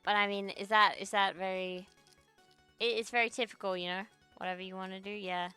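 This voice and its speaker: A woman's voice: mid-range voice, steady tone, fairly quick, pushed and bright, clear, resonant tone, soft background music. A young woman streaming as a VTuber from her home computer, chatting casually in a rambling, profane, ranting way. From Australia. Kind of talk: casual livestream chat.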